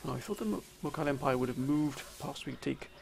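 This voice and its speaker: A man commentating his strategy game, theatrically addressing viewers as sir and gentlemen. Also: mid-range voice, expressive, fast, gravelly, slight background noise. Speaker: let's play commentator.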